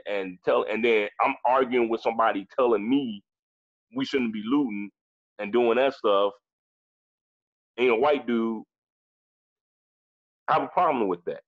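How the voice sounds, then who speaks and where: Heard through lo-fi audio, this medium-pitched guest is a man in his forties taking part in a casual discussion. Emphatic and frequently profane, he circles back over the same phrases as he works through his thoughts aloud.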